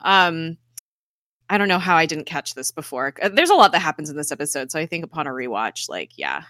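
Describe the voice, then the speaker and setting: A woman's voice: low voice, very animated, brisk, fairly bright tone, no room sound, clean studio sound. A woman co-hosting a casual chat, retelling scenes animatedly and laughing often. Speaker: podcast co-host.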